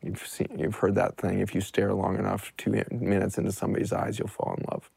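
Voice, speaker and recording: A middle-aged man with a low, gravelly, husky voice talks with earnest conviction as a doctor. His delivery stays flat and reflective, and he often poses questions. The recording is dry and close. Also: fairly quick, dry recording. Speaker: doctor and guest speaker. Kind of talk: reflective storytelling talk.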